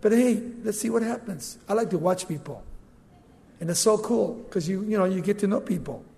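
A man preaching a sermon as the pastor, animated and conversational, acting out the figures in quick asides. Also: sits high, vocal fry. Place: church. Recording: long reverb of a church hall.

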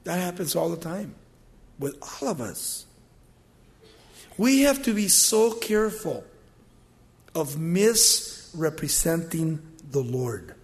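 Brief: high-voiced male preacher, dramatic storyteller, recorded in an echoing church hall. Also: sing-song, slow, pauses often. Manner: storytelling, dramatic swings from loud to hushed. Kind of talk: sermon. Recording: long hall reverb.

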